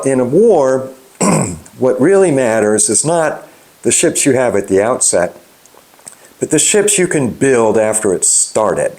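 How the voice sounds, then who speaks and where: Older man, mid-range voice, hosts his own commentary channel; forceful opinions, halting delivery with ums and self-corrections. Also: medium pitch, creaky. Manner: opinionated, emphatic, with frequent fillers and restarts. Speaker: channel host giving political commentary. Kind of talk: unscripted political monologue.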